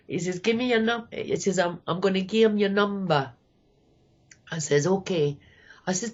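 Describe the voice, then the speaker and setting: A woman's voice: medium pitch, normal speed, a little mellow, lo-fi sound. A Scottish woman in her fifties, telling her life story candidly and rambling, often quoting people. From Scotland. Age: 50s. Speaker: guest. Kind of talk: personal storytelling.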